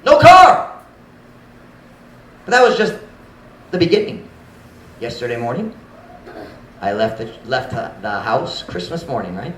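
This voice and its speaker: A man preaching a sermon as pastor, telling a story in an animated, frank, conversational way. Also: mid-range voice, moderate pace, long pauses, slight background noise. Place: church sanctuary. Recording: roomy church echo.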